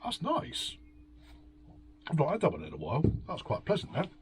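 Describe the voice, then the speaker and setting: A man's voice: fairly high pitch, wildly swooping pitch, moderate pace, slight background noise. A man hosting a beery home review, reading out an article and mocking it with sighs, swearing and sarcasm. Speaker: host. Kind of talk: drunken rambling review. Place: home, drinking beer.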